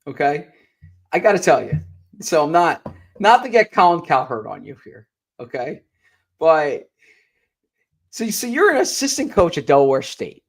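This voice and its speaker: A man co-hosting a sports podcast in casual chat, talking in an excitable, rambling way. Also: a little high, moderate pace, gravelly, pauses often.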